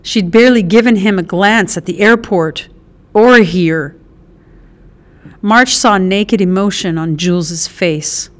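A woman reading a novel aloud as an audiobook narrator, measured and unhurried. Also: mid-range voice. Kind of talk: scripted narration.

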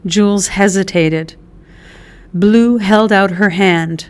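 A woman reading a novel aloud as an audiobook narrator, measured and unhurried. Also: lowish voice. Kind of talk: scripted narration.

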